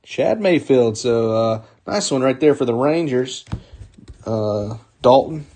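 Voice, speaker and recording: A man's voice: medium pitch, expressive, darkish tone. A man hosting a sports card break, calling out each card as he opens packs in an upbeat, chatty way, often chuckling. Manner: upbeat, calls out names in quick bursts, chuckles often. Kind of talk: live card-opening commentary.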